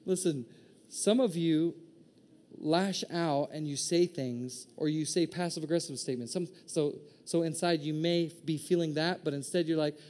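A man preaching a sermon to a congregation, animated and joking, acting out the inner voices of his listeners. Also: fairly high pitch, moderate pace. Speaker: pastor.

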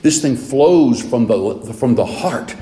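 Echoey, mellow-voiced male preacher. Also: medium pitch, takes it slowly. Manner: animated storytelling preaching. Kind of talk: sermon.

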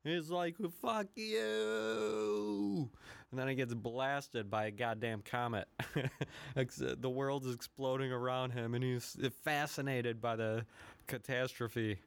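A man's voice: medium pitch, little pitch movement, measured pace, smooth, dry recording. A man hosting a podcast, ranting casually with lots of swearing, laughter and rambling asides. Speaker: podcast host. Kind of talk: profane comedic rant.

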